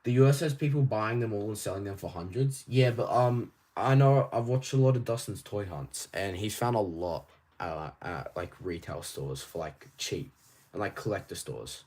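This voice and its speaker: A man with an Australian accent chatting casually on a livestream, reading viewers' questions aloud and answering in a rambling, animated way. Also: on the low side. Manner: rambling and animated, quick asides. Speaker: toy collector streamer.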